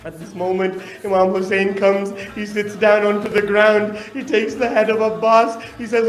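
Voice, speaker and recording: High-voiced man preaching in an echoey hall. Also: little pitch movement, moderate pace, few pauses, soft background music. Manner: asks rhetorical questions and answers them; slips into chanted lament. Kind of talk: mournful sermon narration.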